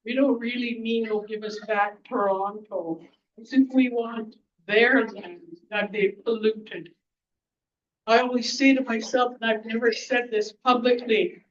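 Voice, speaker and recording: A woman giving a blunt, angry, outspoken speech at a community event, often pausing to search for words. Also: on the high side, distant mic, highs cut off. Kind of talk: impromptu public speech.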